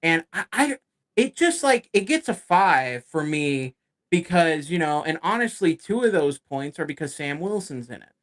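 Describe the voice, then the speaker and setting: A man on a casual podcast, ranting in a fairly high voice and swearing freely. He talks with animated energy and slips into quick impressions of other people as he tells the story. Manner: mimics other people in quoted lines. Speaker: podcast co-host.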